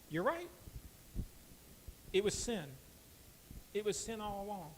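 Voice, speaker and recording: A man preaching a sermon as pastor, swinging between loud emphatic lines and quiet asides, asking the congregation direct questions. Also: high-pitched, animated, normal speed, gravelly, pauses often, low-quality recording.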